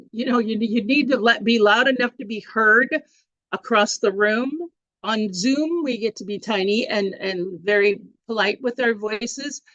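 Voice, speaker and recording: A woman presenting a speaking workshop over a video call, chatty and animated, often restarting her sentences. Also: mid-range voice, no room sound, highs cut off.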